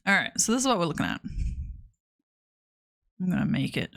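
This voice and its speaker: A woman's voice: on the low side, big pitch swings, a little fast, creaky, a bit bright. An Australian woman streaming games, chatting casually in a rambling way and laughing often. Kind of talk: casual livestream chat.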